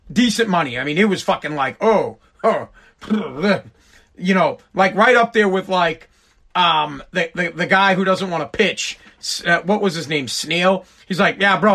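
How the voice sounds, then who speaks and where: A middle-aged podcast host, tipsy from drinking, rambles and swears through a monologue that climbs into exasperated rants. His voice is on the high side and a bit bright.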